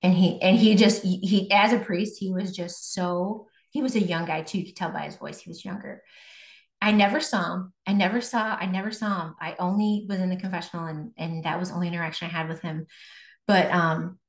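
A woman's voice: fairly low pitch, steady tone, fairly quick. A woman from Buffalo, New York, giving a candid, emotional faith testimony as a guest, often restarting her sentences. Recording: roomy echo.

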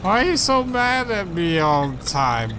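A man voicing a drunk, clingy young woman cat who keeps apologizing, in a high, sing-song reading of game dialogue. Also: sing-song, noisy background. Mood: pleading. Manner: reads in a high, sing-song voice with drawn-out words.

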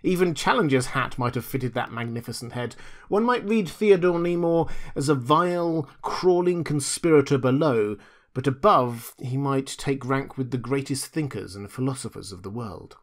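Man narrating a classic story, measured. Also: medium pitch, lively intonation. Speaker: audiobook narrator.

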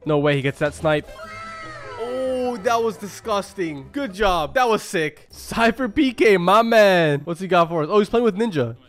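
A man with a high voice hosts a reaction video, talking casually and excitedly, firing off quick exclamations and calling everyone "bro". Faint music plays behind him.

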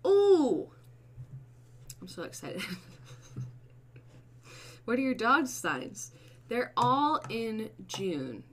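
A woman hosting a casual livestream, chatting with her viewers, swearing and breaking into bursts of excited shouting. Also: on the high side, takes it slowly, long pauses, slight background noise. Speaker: livestream host.

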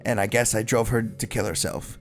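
A man reading game dialogue aloud as an eerie, self-aware teenage girl who is the club president, in a soft, low, creepy voice. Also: fairly even intonation, brisk, faint music behind, close to an everyday voice. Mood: unsettling calm.

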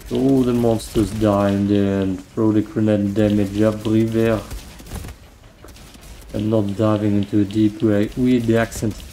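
A man with a German accent and vocal fry, giving rambling, joking commentary while playing a game into a desk mic. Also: on the low side, flat delivery, measured pace, mellow, slight background noise, poor audio. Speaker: gamer. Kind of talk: gameplay commentary.

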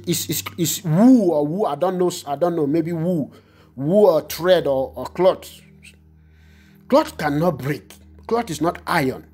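A man's voice: high voice, darkish tone, husky. A man preaching fervently as a pastor, repeating phrases and praying in tongues. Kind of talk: online prophetic sermon and prayer.

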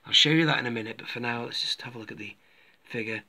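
Bright chatty guy rambling through a toy review, keeps saying folks. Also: mid-range voice, fast talker, gravelly.

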